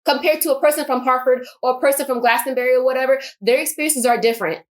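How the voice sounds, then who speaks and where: Impassioned woman speaking out, high voice. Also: fast talker. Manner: emphatic, repeats points for force. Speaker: vlogger. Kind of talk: impassioned personal monologue.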